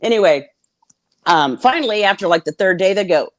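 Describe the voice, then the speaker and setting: A woman speaking as a guest over a video call, with a fairly low voice and a dry, close sound that has no room echo. She is blunt and swears freely, and she acts out what others said as she tells her story. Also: lively intonation, fairly quick. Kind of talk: candid storytelling in a conversation.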